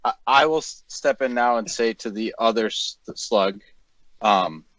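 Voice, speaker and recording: A man speaking as a player at a tabletop game, with dry, deadpan delivery. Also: lowish voice, unhurried. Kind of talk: tabletop role-play. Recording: dull lo-fi sound.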